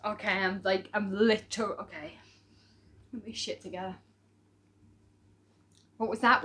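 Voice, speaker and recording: A woman's voice: medium pitch, fairly even intonation, measured pace, long pauses, a bit bright. A woman hosting a music reaction video, talking casually in an emotional, outspoken way and swearing freely.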